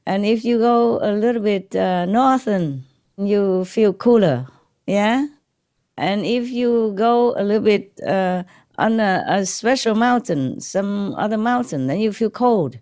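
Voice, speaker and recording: Mellow-voiced woman chatting with disciples. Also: medium pitch, unhurried. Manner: chatty and rambling, laughs often, checks in with "okay?" and "right?"; speaks English with some non-native grammar, switches into Chinese. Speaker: spiritual teacher speaking to disciples. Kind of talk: informal talk to a gathered audience.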